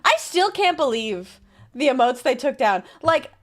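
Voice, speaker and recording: A woman's voice: high voice, big pitch swings, a little slow. A woman streamer chatting casually with her viewers, sarcastic and laughing often. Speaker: VTuber streamer. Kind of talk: casual stream chat reading viewer messages.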